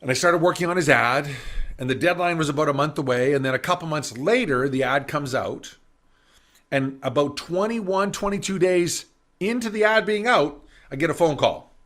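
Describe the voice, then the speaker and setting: This middle-aged man's voice sits a little high and moves at normal speed as he tells an animated story in his summit talk. He performs the quoted voices, and the audio comes from a video call.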